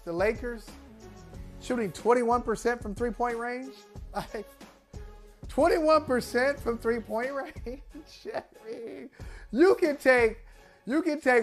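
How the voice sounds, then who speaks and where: A man's voice: very high voice, measured pace, faint music behind. Emphatic, incredulous sports talk man. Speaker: sports talk show co-host.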